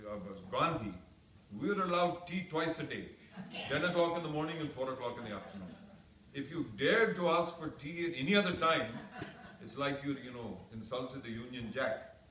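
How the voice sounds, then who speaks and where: Bright-voiced man telling lively stories. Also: medium pitch. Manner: animated, chatty, self-mocking, breaks into asides. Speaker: actor telling stories to a reunion audience. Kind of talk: casual anecdotal storytelling. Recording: echoey room, distant mic, faint background noise.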